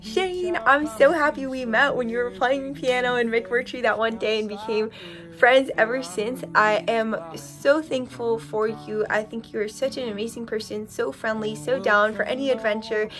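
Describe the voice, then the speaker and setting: A young woman with a fairly high voice gushes with thanks in a goodbye message. Music plays clearly behind her. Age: young adult. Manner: warm, effusive. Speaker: college friend. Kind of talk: farewell message.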